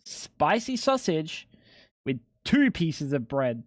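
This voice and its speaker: A man's voice: a little high, very animated, takes it slowly, dry recording, studio quality. A young man streaming live, chatting casually with his viewers in a laid-back, slangy way with some swearing.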